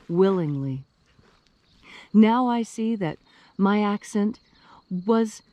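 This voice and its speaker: A woman from West Virginia giving an earnest spiritual sermon with careful, deliberate diction. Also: mid-range voice, mellow, dry recording. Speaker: minister.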